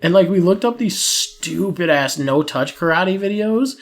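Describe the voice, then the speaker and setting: A man's voice: high-pitched, animated, unhurried. A young man co-hosting a podcast, telling a profane, laughing story about a bar prank while suffering from allergies. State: allergies, swollen eyes. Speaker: podcast co-host. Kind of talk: casual storytelling chat.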